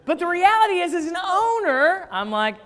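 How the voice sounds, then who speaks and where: A man speaking to a live audience of staff, telling a story with animated quoted dialogue. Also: very high voice, normal speed. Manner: animated, acts out phone calls in quoted voices. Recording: long reverb of a large hall.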